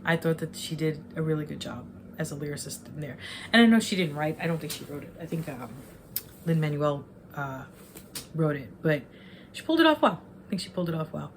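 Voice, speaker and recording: A woman's voice: sits low, sing-song, brisk, a little hiss or hum. A woman in her forties giving a casual, rambling film review, often correcting herself and speaking openly about her feelings. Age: 40s. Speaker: online movie reviewer.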